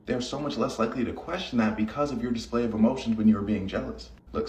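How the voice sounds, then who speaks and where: A man's voice: mid-range voice, a little mellow, roomy sound, slight background noise. A young man talking in a blunt, slangy, matter-of-fact way. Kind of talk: casual monologue on dating tactics.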